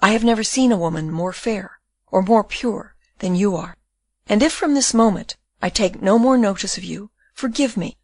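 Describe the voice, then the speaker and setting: A woman reading the part of a condemned young man in prison, speaking in a tender, calm and consoling way. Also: mid-range voice, moderate pace, no room sound, lightly acted.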